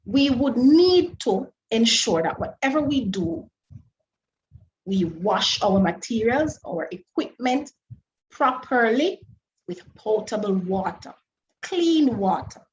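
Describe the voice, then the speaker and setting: Woman, webinar presenter, slow careful delivery, rhetorical questions, muffled low-fi sound. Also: sing-song, a little hiss or hum. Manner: asks the audience many rhetorical questions; careful, deliberate explaining with frequent restarts. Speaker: webinar presenter on food safety. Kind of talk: online lecture presentation. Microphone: online webinar microphone.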